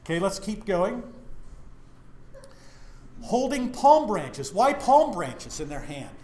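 Leading a church Bible study, a middle-aged pastor from Wyoming speaks slowly in a fairly high male voice. He's animated and keeps putting questions to the audience, and the room adds a clear echo.

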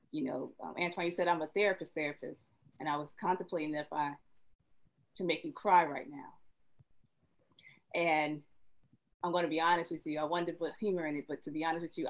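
A woman's voice: deep voice, rough recording. A woman therapist speaking earnestly in a panel discussion, choked up and emotional.

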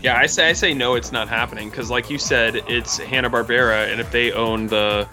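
A man co-hosting a casual podcast chat, relaxed and a little hesitant, trailing into fillers. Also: mid-range voice, fairly quick, over music. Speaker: podcast co-host.

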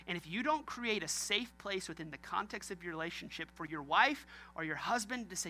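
A man's voice: sits high, expressive, a little fast, hardly any pauses, sharp tone. A man preaching a sermon as pastor, joking and talking straight to his congregation.

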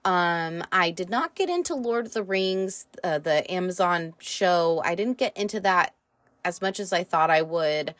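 A woman hosting a solo podcast review, rambling and excitable, swearing casually and laughing often, with lots of fillers. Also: fairly low pitch, dry recording. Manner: slow, drawn-out delivery with many fillers. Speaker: podcast host.

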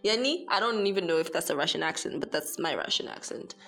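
A woman's voice: on the low side, expressive, fast, a bit bright, faint music behind. A young woman telling a story casually, chatty and profane, switching between Swahili and English.

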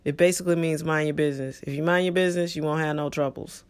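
A man's voice: a little high, fairly even intonation, fast talker, clean tone. A middle-aged man hosting his own podcast, talking casually and with opinions, using lots of fillers and asides. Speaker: podcast host. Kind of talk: casual solo podcast talk.

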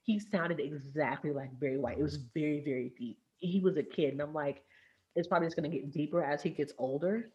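A woman telling a story in casual chat, animated and laughing often, acting out the people she quotes. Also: sits low, brisk, lo-fi sound.

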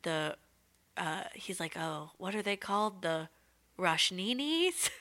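A woman chatting casually, quick to react with gasps and laughs. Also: lowish voice, steady tone, a bit bright. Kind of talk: casual chat.

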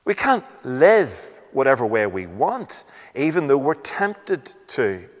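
Emphatic preacher with rhetorical questions. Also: male voice, medium pitch, sing-song, slow, long reverb tail. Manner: emphatic, rhetorical questions, reads scripture aloud. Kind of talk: sermon.

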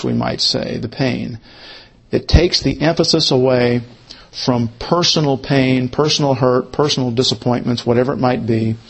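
A man with a gravelly, husky voice teaches a Bible lesson. He goes over each point more than once at a slow, careful pace, as if giving his class time to write it down. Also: mid-range voice. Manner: repeats key points slowly, as if for note-taking. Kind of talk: Bible study lecture.

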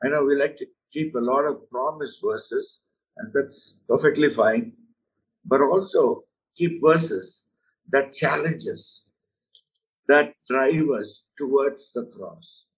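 Earnest slow-talking male preacher. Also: medium pitch, recorded from a distance, rough recording. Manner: earnest, emphatic, addresses listener as "my friend". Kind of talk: sermon.

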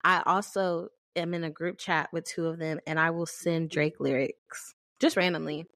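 A woman's voice: low voice, fairly even intonation, normal speed, a bit bright, no room sound, studio quality. A young woman co-hosting a casual podcast, telling stories animatedly and swearing freely. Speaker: podcast co-host. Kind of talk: casual chat.

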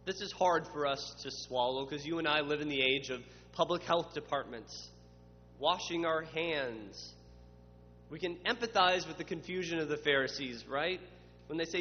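A pastor with a somewhat high voice preaches a sermon at normal speed over soft background music, building to emphatic spoken lists. He gives dramatic voices to the questioners he quotes. The recording is muffled, with long reverb and a faint hum.

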